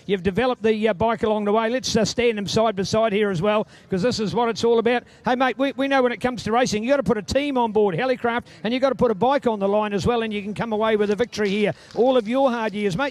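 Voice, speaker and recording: A man interviewing riders at a motorbike race, effusive and chummy, calling everyone mate. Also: sits high. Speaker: trackside interviewer. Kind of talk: post-race podium interviews. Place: outdoor motorsport circuit.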